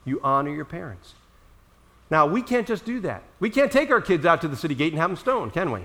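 A middle-aged man preaching a sermon as pastor, acting out quotes dramatically and swinging between loud and soft. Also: high-pitched, very animated, fast talker.

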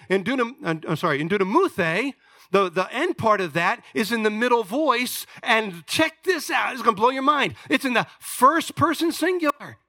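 A man preaching a sermon, explaining scripture with lively asides and questions to the congregation. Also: high-pitched, no room sound, clean studio sound. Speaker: pastor.

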